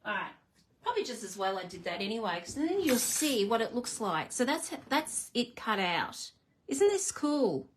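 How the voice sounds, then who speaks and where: A woman's voice: mid-range voice, big pitch swings, moderate pace, background noise. A woman hosting a live card-making stream, chatting casually and laughing at herself while she works. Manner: chatty, self-deprecating, talks to viewers while working. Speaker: crafting live stream host. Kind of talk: casual live crafting demo.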